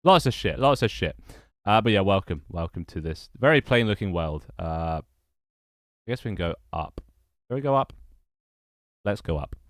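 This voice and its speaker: A man's voice: sits low, animated, normal speed, pauses often, no echo, clean studio sound. A young man chatting casually on a livestream, rambling and repeating his phrases as he greets viewers. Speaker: streamer and game developer.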